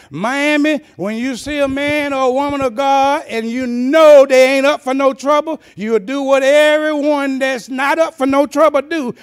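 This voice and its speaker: A man preaching a sermon as pastor, folksy and chuckling, rising into shouted, sing-song cadences. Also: extremely high pitch, clear, resonant tone.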